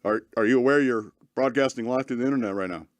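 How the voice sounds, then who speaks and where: A man's voice: mid-range voice, quick pace, no echo, lightly acted. A man voicing a condescending tech company that sarcastically nags him. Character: nagging know-it-all tech company voice.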